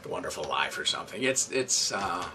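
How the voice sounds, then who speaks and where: A man's voice: sits low, very animated, fairly quick, creaky, recorded from a distance, background noise. A man directing community theatre, answering interview questions thoughtfully with many fillers and restarts.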